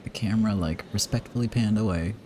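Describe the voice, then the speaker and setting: Low-voiced, chatty male game streamer. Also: quick pace, background noise. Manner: chatty, amused, with laughs. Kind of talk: casual let's-play commentary. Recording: voice over game music.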